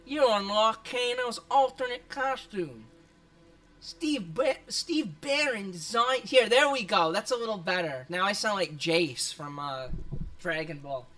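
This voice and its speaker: A streamer putting on a clumsy rough Australian bloke voice while haltingly reading game text aloud. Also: medium pitch, fairly bright tone, natural voice. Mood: mock-gruff.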